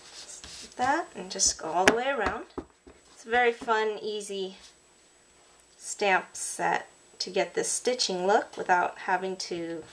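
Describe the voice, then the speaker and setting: A woman's voice: medium pitch, unhurried, long pauses, a bit bright. Lady chatting thru a card making tutorial, lots of ums n sorrys, bit of hiss behind. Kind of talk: casual crafting tutorial narration.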